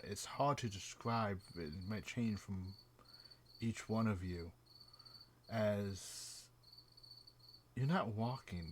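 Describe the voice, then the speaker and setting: A man running a tabletop game as game master, describing the scene slowly and haltingly, with fillers. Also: fairly low pitch, fairly bright tone, slight background noise. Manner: slow, hesitant scene narration with fillers.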